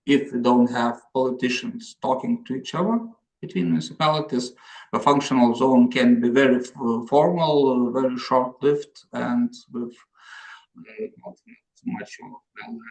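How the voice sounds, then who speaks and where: A man from Lithuania giving a conference presentation, halting and searching for words with frequent repeats. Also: medium pitch, fairly even intonation, darkish tone. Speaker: conference panelist. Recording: roomy echo.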